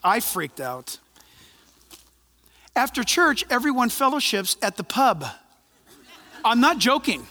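A man preaching in a church, his bright voice swinging up and down as he talks. He keeps it conversational and animated, with joking asides. The sound rings with a long hall reverb. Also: very high voice, slow pace, long pauses. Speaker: pastor. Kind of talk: sermon.

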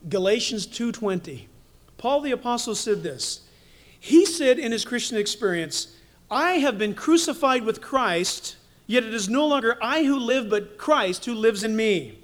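A man preaching a sermon as pastor, telling stories animatedly with humorous asides. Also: high voice.

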